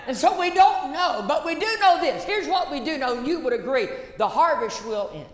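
A woman's voice: sits high, expressive, normal speed. A woman pastor preaching a sermon, emphatic, repeating phrases and calling out questions to the congregation. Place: church sanctuary. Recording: echoey church hall reverb.

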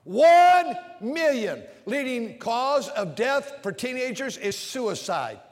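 A man preaching an impassioned sermon, swinging between shouts and quiet lines. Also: very high voice, big pitch swings, slow. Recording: long hall reverb.

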